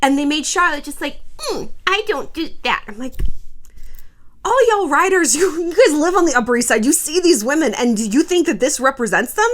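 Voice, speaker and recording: A woman's voice: sits high, lively intonation, fairly quick, fairly bright tone. A woman in her thirties, a vlogger ranting about pop culture in a sassy, profane way, putting on mocking voices for quotes. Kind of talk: casual pop-culture rant.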